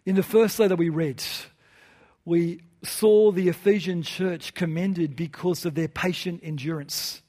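High-voiced man preaching a sermon. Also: steady tone, measured pace, dark tone. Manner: earnest, with rhetorical questions and repeated phrases. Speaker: pastor.

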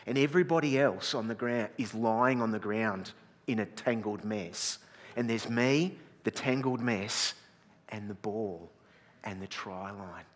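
A middle-aged pastor telling a self-deprecating story in a sermon, chatty and full of restarts. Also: male voice, lowish voice, measured pace. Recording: long reverb in a large hall.

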